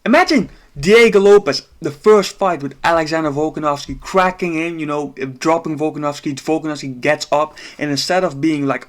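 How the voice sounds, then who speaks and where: A man's voice: fairly high pitch, fairly even intonation, normal speed, hardly any pauses. Exasperated, swearing man ranting about a fight. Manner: profane, exasperated, laughing ranting. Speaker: MMA commentator. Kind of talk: casual fight breakdown rant.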